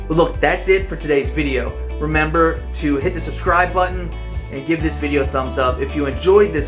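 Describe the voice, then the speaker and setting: Male vlogger, slightly high, going a bit hoarse, earnest casual advice over faint music. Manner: earnest, rambling with fillers. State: losing his voice.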